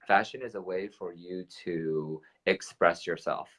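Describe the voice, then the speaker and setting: A man co-hosting a casual talk show, chatting in an animated way with many fillers and restarts. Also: sits low, measured pace. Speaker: co-host. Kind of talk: casual chat.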